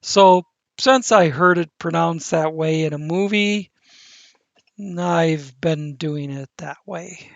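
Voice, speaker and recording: Slow-talking man rambling over gameplay. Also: on the high side, gravelly, dry recording, highs cut off. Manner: rambling, self-correcting, crude asides. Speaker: gaming channel host. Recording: game vehicle engine noise underneath.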